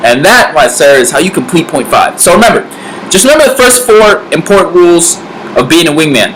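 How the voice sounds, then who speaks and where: A young man hosts a casual comedy vlog, laying out dating rules in loose bro talk packed with filler and little acted-out scenes. His voice is fairly high and sing-song, a little fast and a bit bright. The recording is rough, with slight background noise.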